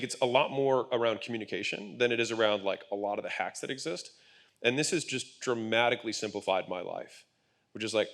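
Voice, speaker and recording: A man with a slightly low voice explains his points bluntly on an event stage. He talks in a casual, emphatic way and swears now and then. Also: fairly bright tone. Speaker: guest speaker at a business event. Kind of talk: conversational panel talk. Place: event stage with live audience.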